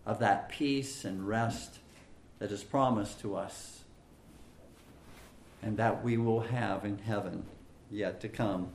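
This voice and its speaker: A man preaches an expository sermon slowly and deliberately, and his voice carries an echo from the room. He builds his points with emphasis and repeats phrases, with plenty of small fillers along the way. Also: on the low side, steady tone, creaky, slight background noise. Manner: measured, emphatic preaching with frequent fillers and repetitions. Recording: echoey room.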